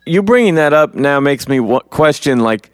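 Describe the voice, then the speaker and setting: Male podcast host, bit high, dry mic, loose swearing banter. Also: expressive, normal speed, no room sound. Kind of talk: casual podcast chat.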